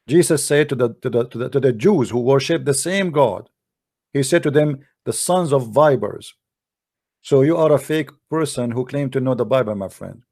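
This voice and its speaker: Speaking in a mid-range, slightly mellow voice, this host with an Arabic accent delivers combative, polemical commentary. He berates his critics using broken English and non-native grammar.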